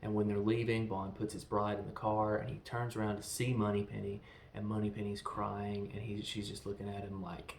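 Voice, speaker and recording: A man's voice: fairly low pitch, monotone, fairly quick, gravelly, slight background noise. A man giving a casual film review, retelling the plot in a rambling, enthusiastic way with lots of fillers. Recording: roomy echo.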